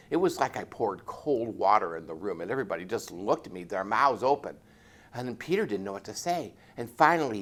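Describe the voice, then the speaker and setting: A man earnestly telling a faith testimony, with repeated phrases and pauses. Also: fairly low pitch, fairly bright tone. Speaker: former police chaplain telling a testimony.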